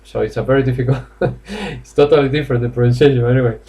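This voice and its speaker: Spanish-accented man, mid pitch, teaching an online English class, chatty, coaxing students. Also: quick pace, mellow. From Spain. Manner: chatty, coaxing, laughs often, many fillers. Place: classroom or office indoors.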